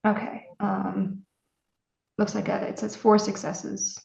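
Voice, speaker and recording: A woman with a gravelly voice takes her turn in a tabletop game over a video call, reading her dice slowly and with some doubt. Her audio is dull and lo-fi, and it rings in a roomy space. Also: medium pitch, completely flat delivery, a little mellow. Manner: hesitant, reads out dice results. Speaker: player.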